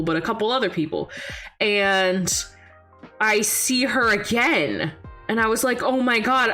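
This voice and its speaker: A young woman streamer telling a story in casual chat, animated, often laughing and acting out the voices of people she quotes. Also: medium pitch. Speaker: vtuber streamer. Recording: faint music behind the voice.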